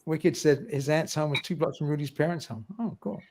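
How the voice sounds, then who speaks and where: A man's voice: fairly high pitch, brisk, darkish tone. A man hosting a casual livestream, reading viewer comments aloud and laughing often. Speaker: livestream host.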